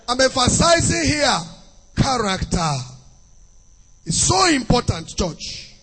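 A man's voice: very high voice, animated, a little slow, long pauses, bright, forceful tone, breathy edge. A man preaching a sermon, emphatic and sing-song, repeating key phrases. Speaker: pastor. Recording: long hall reverb with faint music.

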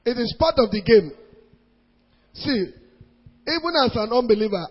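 Nigerian man, middle-aged, husky high-voiced preacher, dull lo-fi hall recording. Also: moderate pace. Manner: animated storytelling in Nigerian Pidgin mixed with English, acting out voices. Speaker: pastor. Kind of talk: preaching sermon to a congregation.

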